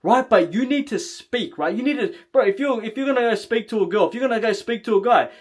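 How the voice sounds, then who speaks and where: A man's voice: very high-pitched, fast, few pauses. A man giving a blunt motivational talk to camera as a self-improvement coach, emphatic and profane, often tagging lines with "right?". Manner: emphatic, blunt, swears, keeps asking "right?".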